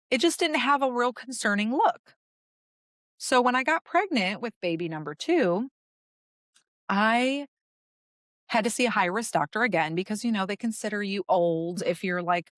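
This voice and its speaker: A woman in her late thirties talks through a personal story as a podcast guest, in an animated way that acts out each exchange. Her voice sits at a middle pitch. The sound is dry, with no room echo. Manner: animated storyteller, acting out the dialogue. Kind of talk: personal story told in conversation.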